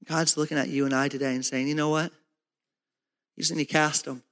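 A man preaching a sermon as pastor in a church, swinging from loud, shouted peaks down to low, soft talk. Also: fairly even intonation, fast. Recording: long reverb of a church hall.

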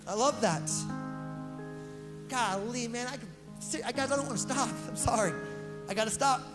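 A man's voice: very high voice, moderate pace. A male pastor giving a casual, conversational sermon. He is slangy and emphatic, repeats phrases and stumbles over words. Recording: long hall reverb with music underneath.

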